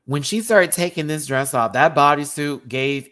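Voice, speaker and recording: A man's voice: mid-range voice, lively intonation, fast talker, few pauses, a bit bright. A man from Texas with a light Southern twang, ranting animatedly in a casual review and repeating words for emphasis. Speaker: drag show reviewer. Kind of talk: casual video review rant.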